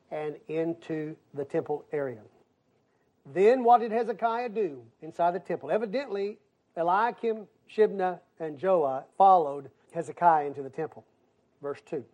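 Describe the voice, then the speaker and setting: High-voiced older preacher, emphatic. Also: male voice. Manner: emphatic, swinging between quiet asides and loud bursts. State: crying. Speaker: pastor. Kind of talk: sermon.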